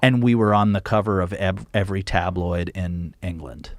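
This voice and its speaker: A man's voice: deep voice, fairly even intonation, normal speed, a crowd in the background. A man being interviewed as a guest musician, telling long casual anecdotes with lots of fillers and little acted-out quotes.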